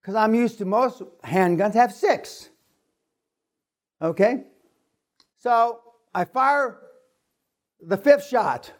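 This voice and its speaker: A man with a fairly high voice tells a story to a seminar audience. He swears freely and keeps acting out the sounds of the action. His delivery is lively and unfiltered. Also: drawn-out words, long pauses. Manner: profane, lively storyteller who acts out sounds. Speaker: seminar speaker. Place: seminar room.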